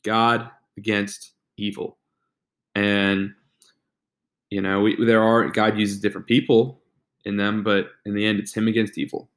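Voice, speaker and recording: Low-voiced hesitant young man. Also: level tone, moderate pace. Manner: hesitant, many restarts and fillers. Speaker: podcast co-host. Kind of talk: casual faith podcast talk.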